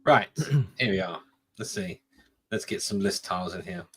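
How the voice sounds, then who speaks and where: A man from the UK hosting a live coding show, easygoing and halting as he types. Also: low voice, animated, a bit bright, breathy edge. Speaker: host doing live coding. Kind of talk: casual live coding chat.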